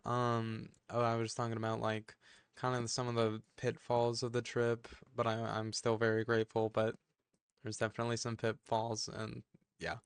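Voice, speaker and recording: A man's voice: mid-range voice, completely flat delivery, normal speed, vocal fry, clear, resonant tone, no echo. A young man giving a casual, hesitant voice-over aside, mumbling with fillers. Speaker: vlogger.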